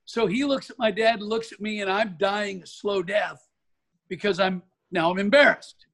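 An older man from Oregon tells a lively golf story as an interview guest, his voice sitting notably high for a man. He talks in an animated, storytelling way, building each anecdote. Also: moderate pace. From Oregon, USA.

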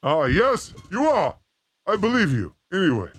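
A man's voice: sits high, huge pitch swings, measured pace, pauses often, a bit bright, husky, dry recording. A man hosting a casual live-stream chat, provocative and jokey in an irreverent way. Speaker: host.

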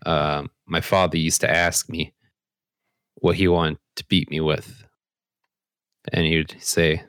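A man co-hosting a podcast in casual chat, deadpan and self-mocking. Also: very deep voice, unhurried, pauses often, clear, resonant tone, dry recording, studio quality. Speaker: podcast co-host.

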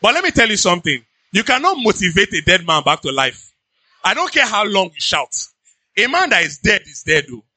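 A pastor with a Nigerian accent preaching in an animated, conversational way, slipping into pidgin asides. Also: male voice, high-pitched, brisk, dry recording. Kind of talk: sermon.

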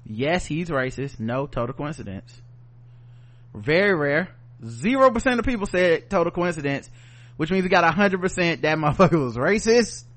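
Male podcast host, somewhat high voice, casual and profane, reacts to listener mail. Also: lively intonation, moderate pace. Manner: loose, profane, chuckling, thinks out loud. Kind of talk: casual chat, reading listener comments.

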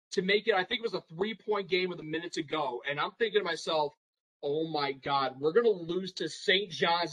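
A young man spins a rambling story full of "like" and "you know," jumping into the voices of the people in it. His voice sits high and sounds bright and forceful, and it swings up when he gets excited. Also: poor audio. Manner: animated, rambling with many fillers, acts out quotes. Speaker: podcast guest storyteller. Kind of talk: casual storytelling.

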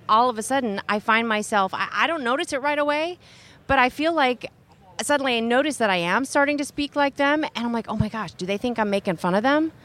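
A woman co-hosting a sports talk show, chatting in a lively way and pressing her co-host with questions. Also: a little high. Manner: lively, quick to question and laugh along. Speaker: radio co-host.

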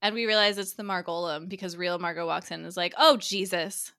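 A bright, crisp woman's voice recorded close and dry, with no room around it. She talks casually through a recap, dropping swear words and slipping into quick quoted lines from the characters. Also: on the low side, fairly even intonation, dry recording. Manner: chatty, quoting characters in quick asides, swears freely. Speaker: guest co-host.

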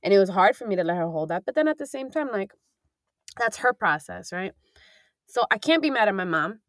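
A woman's voice: mid-range voice, animated, a little fast, no room sound, studio quality. A young woman in casual chat, talking candidly and rambling with many fillers and the odd swear word.

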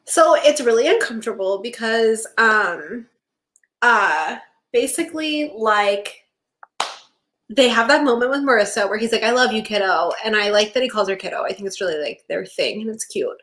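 A young woman co-hosts a podcast and casually recaps a TV episode, saying "like" constantly and acting out the characters' lines. Her voice is fairly high and a bit bright, animated, and delivered at a normal speed.

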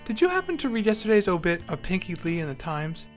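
A man's voice: high-pitched, big pitch swings, fast, faint music behind. A man telling a first-person story with acted dialogue in a dry, wry, articulate way, and hosting his podcast.

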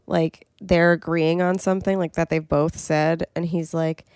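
A woman's voice: fairly low pitch, level tone, normal speed, darkish tone, clean tone, no echo, clean studio sound. A young woman co-hosting a podcast, chatting casually about a reality show with lots of fillers. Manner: chatty, filler-heavy, quotes people in put-on voices. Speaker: podcast co-host.

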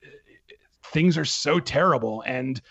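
A man talking about films as a podcast guest, in an animated casual way with many restarts and fillers. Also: mid-range voice, measured pace, gravelly, breathy edge, no room sound, lo-fi sound. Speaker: film critic guest.

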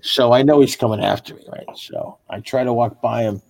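A man, a stand-up comedian, telling profane, animated anecdotes in casual chat with fellow comics. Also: medium pitch, fairly quick, creaky, dry recording. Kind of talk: casual storytelling among comics.

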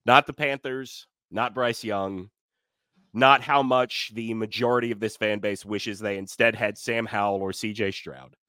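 A man co-hosting a casual sports podcast, chatting conversationally and trailing off softly at the ends of his phrases. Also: lowish voice, steady tone, measured pace, clean tone, no echo, clean studio sound. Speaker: podcast co-host.

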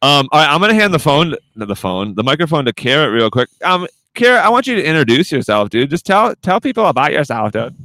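A man's voice: a little high, big pitch swings, fast, few pauses, pushed and bright, no room sound. A man hosting a casual podcast, rambling and swearing through a story. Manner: rambling, swears a lot, laughs at own stories. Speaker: podcast host. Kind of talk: casual profane chat.

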